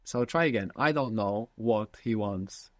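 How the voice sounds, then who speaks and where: A man's voice: fairly low pitch, a little slow, no room sound. A man teaching a language lesson, patiently prompting his student with questions.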